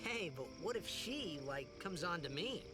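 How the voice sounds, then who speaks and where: A man's voice: high voice, very animated, normal speed, sharp tone, full character voice. An actor playing a cheerful, awkward young male hero in a video game, eager and fumbling over his words. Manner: eager and fumbling, full of fillers. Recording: game audio with background music.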